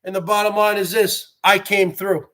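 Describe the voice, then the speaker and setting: Brash stream host, from New Jersey, boastful and rambling, bright high voice. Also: male voice, little pitch movement, moderate pace. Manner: boastful, repeats "folks" and "bottom line"; greets viewers by name. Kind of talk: boastful rambling live chat.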